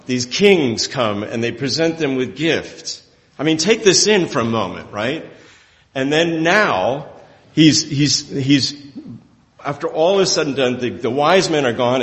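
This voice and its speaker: A man preaching a sermon as a pastor, telling the story in an animated way and often breaking into laughter. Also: mid-range voice. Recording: long hall reverb.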